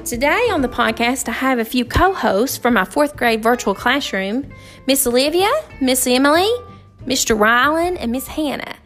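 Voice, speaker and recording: Teacher lady hosting her class podcast, sincere, lots of ums and restarts, kinda high voice. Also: expressive, fairly bright tone, soft background music. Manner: earnest, halting, with many fillers and restarts. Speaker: podcast host and fourth grade teacher. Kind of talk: heartfelt personal storytelling.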